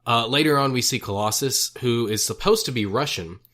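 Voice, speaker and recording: Young male podcast co-host, casual, rambling and self-correcting, mid-pitched voice. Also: brisk, pushed and bright. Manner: rambling, self-correcting, chuckles at own jokes. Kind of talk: casual movie review chat.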